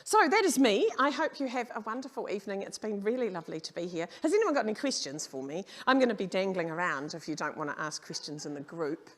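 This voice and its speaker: A woman's voice: medium pitch, lively intonation, quick pace, hardly any pauses, a bit bright. A middle-aged woman giving a humorous keynote talk, brash and storytelling, swearing casually. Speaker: keynote speaker. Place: conference hall.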